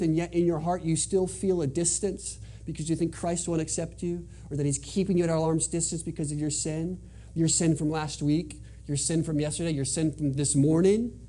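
Earnest man preaching, mellow husky voice. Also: fairly high pitch. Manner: earnest, emphatic repetition. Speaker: pastor. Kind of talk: sermon.

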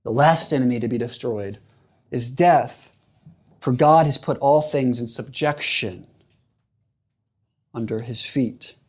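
A man's voice: medium pitch, takes it slowly, pauses often, slightly rough. Earnest, emphatic male preacher. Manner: earnest, emphatic, with rhetorical repetition. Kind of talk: sermon.

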